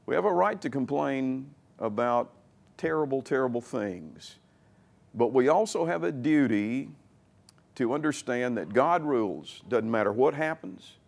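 A middle-aged man preaching in a relaxed, homespun way, with a gravelly edge of vocal fry in his mid-range voice. He talks to the congregation as if chatting with them, often doubling back on his words before he carries on. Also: medium pitch, unhurried. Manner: folksy, repeats words and restarts while he talks. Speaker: pastor. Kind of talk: conversational sermon.

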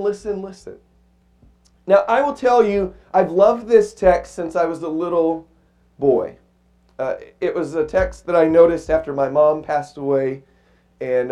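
Male pastor, sermon, voice cracking, high mellow tone, emphatic slow scripture reading.

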